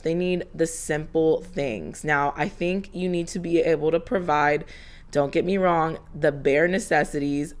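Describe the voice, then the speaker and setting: A woman's voice: low-pitched, a little mellow. A woman in her thirties narrating a homemaking vlog in a chatty, earnest voiceover, slightly out of breath. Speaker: homemaking vlogger.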